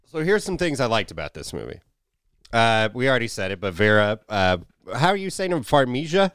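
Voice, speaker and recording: A laid-back man co-hosting a podcast, laughing easily and swearing freely while wired on coffee. His voice is lowish and smooth, recorded dry and close to the mic. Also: big pitch swings, fairly quick, a bit bright, no echo. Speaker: podcast co-host. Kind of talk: casual chat.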